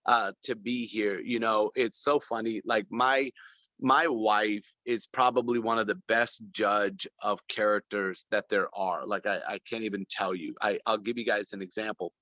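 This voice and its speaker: Man on a phone call, bright forceful voice, dry dull sound, gushing, keeps restarting. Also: on the low side, steady tone, normal speed, dry recording. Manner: rambling and effusive, many restarts. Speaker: guest speaker. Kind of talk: casual video call talk. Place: corporate office.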